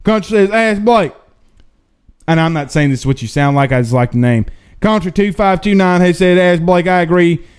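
A man's voice: high voice, normal speed, smooth. A male sports talk show host, chatting casually on a live stream and reading out viewer questions in a drawling, folksy way. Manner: animated, drawling, folksy asides.

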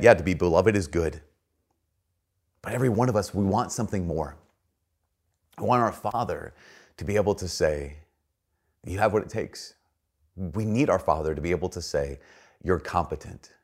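Male priest, very low voice, homily in a relaxed talking style with repeated restarts. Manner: conversational preaching with frequent restarts, swings between soft and loud. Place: church.

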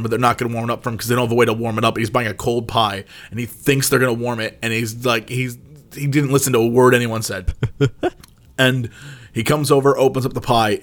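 A man in casual chat, telling a funny family story and jumping up high when quoting himself.

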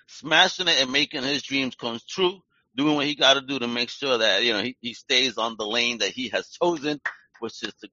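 A man hosts a podcast with a forceful, bright voice, hyped up and slangy, cursing casually as he talks up his guest. The sound is dry and close, with dull, muffled lo-fi quality. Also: medium pitch, moderate pace, no echo. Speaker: podcast host. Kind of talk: casual interview chat.

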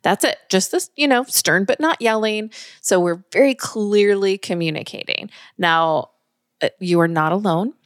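A woman's voice: medium pitch, normal speed, no room sound. Reassuring woman co-host, dry close sound. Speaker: parenting podcast host. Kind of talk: casual advice chat.

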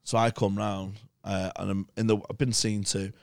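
A man's voice: fairly low pitch, moderate pace, vocal fry, smooth, no room sound, clean studio sound. A young English man, a podcast guest, telling rambling, swear-filled stories in casual chat. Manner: swears a lot, rambling animated anecdotes.

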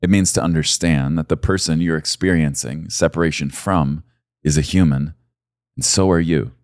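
A man preaching a sermon as pastor, swinging from low, quiet stretches to loud, high emphasis. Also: moderate pace, no echo, studio quality.

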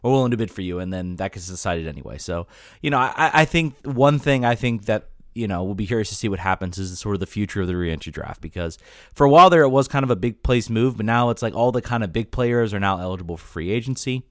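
A man hosting a casual sports podcast, animated and quick to laugh, often repeating himself as he talks. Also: on the low side, no room sound, studio quality. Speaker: podcast host.

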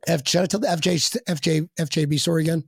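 A man's voice: a little high, steady tone, fast, vocal fry, breathy edge, dry recording, clean studio sound. A man chatting as a guest on a fan podcast, rambling, swearing and laughing as he tells stories. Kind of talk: casual podcast chat.

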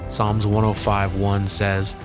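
A man giving scripted narration for a program, in a measured, solemn way. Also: lowish voice, completely flat delivery, music in the background.

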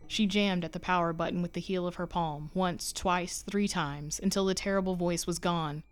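A woman narrating a horror short story with measured, suspenseful delivery. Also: fairly low pitch, steady tone. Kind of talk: scripted narration.

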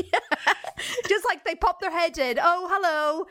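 Lively high-voiced Irish woman. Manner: animated, breaks into quick impressions. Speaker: podcast co-host. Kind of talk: casual chat, storytelling.

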